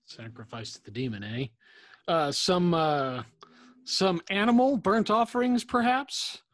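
A man voicing a smooth-talking male adventurer who coaxes a frightened sailor. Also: on the high side, lively intonation, a little slow, a bit bright, no room sound. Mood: jovial. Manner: cajoling, wry.

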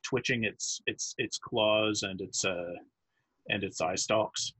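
A man narrating as game master of a tabletop role-playing game, halting and restarting, with many fillers. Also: lowish voice, pushed and bright, husky, poor audio. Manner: halting, full of fillers and restarts, laughs often.

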